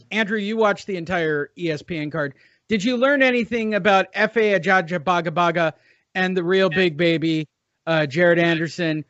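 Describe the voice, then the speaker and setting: A man's voice: fairly high pitch, a bit bright, no echo. A man hosting a casual boxing podcast, joking and riffing in a mock-announcer way. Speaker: podcast host. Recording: dry lo-fi podcast audio.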